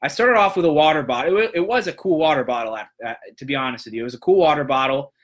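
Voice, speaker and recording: Bright, animated man telling a story. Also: a little high, very fast. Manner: animated, acts out voices in quotes. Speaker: podcast host, motivational speaker. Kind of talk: casual storytelling.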